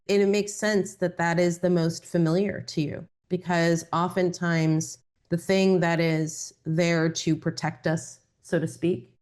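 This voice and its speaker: A woman reading Akashic records for a client, talking in a gentle, reassuring, measured way. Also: on the low side. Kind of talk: spiritual guidance session.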